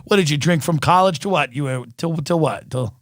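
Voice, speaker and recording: A man's voice: fairly high pitch, a little fast, no echo. A man doing a profane, sarcastic comedic rant, mocking and swearing as he goes.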